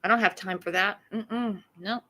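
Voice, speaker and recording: A woman's voice: mid-range voice, fairly even intonation, moderate pace, sharp tone. A woman hosting a casual true crime livestream, blunt and profane, greeting chat viewers by name.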